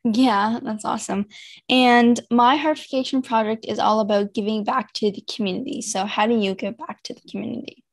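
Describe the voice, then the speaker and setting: A young woman hosts a podcast, chatting in a friendly, easygoing way. Her voice sits a little high and carries a gravelly edge. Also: steady tone, a little fast. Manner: friendly, easygoing, filler-laden. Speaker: podcast host. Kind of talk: casual interview.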